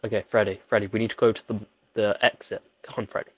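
A man's voice: fairly low pitch, flat delivery, quick pace, no room sound. A man doing jokey let's-play commentary, pleading with and teasing the characters on screen. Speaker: gaming channel host.

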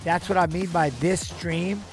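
A man talking casually to his live-stream chat, speaking deliberately and pausing often. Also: a little high, fairly even intonation, faint music behind. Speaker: live streamer reacting to a video.

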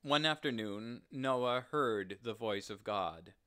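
A man reading a story aloud in a slow, deliberate, gentle telling. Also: medium pitch, lively intonation. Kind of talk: read-aloud story narration.

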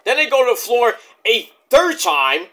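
A man rambling excitably through a casual wrestling review, swearing often. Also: very high-pitched, unhurried.

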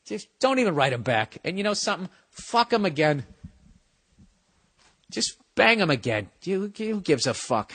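Profane ranting man, pitched a touch high. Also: big pitch swings, moderate pace, husky. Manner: profane, ranting, swings between shouting and muttering. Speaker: podcast host. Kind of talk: casual comedic podcast rant.

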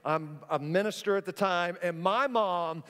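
A man preaching a sermon from a church stage, an animated storyteller who acts out the scenes he describes. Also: high voice, a little slow, clear, resonant tone. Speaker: pastor. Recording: long church hall reverb.

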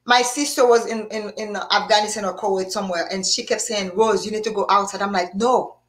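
A woman hosting a live chat show, telling stories in a lively, conversational way. Her voice has a middle pitch, and she speaks casually. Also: brisk. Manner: lively anecdotal storytelling. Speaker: host.

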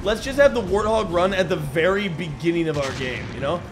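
A man commentating his gameplay, sarcastic and excitable, often shouting at the game. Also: high voice, brisk, background noise. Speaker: gaming video host. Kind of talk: let's play commentary.

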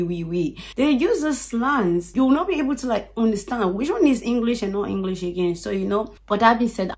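A woman with a Nigerian accent, chatting straight to her viewers in an animated, casual vlog. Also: fairly low pitch. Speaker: YouTube vlogger. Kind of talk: casual direct-to-camera vlog.

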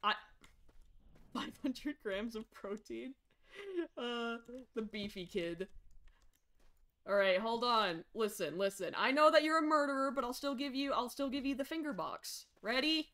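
A woman's voice: fairly high pitch, a little slow, long pauses. A young woman streaming a game, chattering chaotically as a frazzled parent, muttering then shrieking. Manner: excitable, swings from mutters to sudden shrieks. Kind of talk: chaotic game commentary, role-playing a parent.

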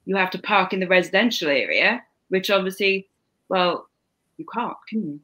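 A woman's voice: medium pitch, normal speed, pushed and bright, low-quality recording. Rambling woman co-hosting. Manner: rambling, repeats words when starting a point. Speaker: co-host. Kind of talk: casual live stream chat.

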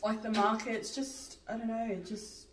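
A woman's voice: a little high, little pitch movement, normal speed. A woman chatting on a mukbang, enthusiastic and reminiscing about food. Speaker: mukbang co-host. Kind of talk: casual chat while eating. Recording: roomy echo, mic far off, faint noise.

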